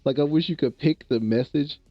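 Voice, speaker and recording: A man's voice: a little high, fairly quick, no echo, highs cut off. A man from the American Midwest chatting casually with viewers on a livestream, laid-back and rambling, often repeating himself. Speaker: streamer.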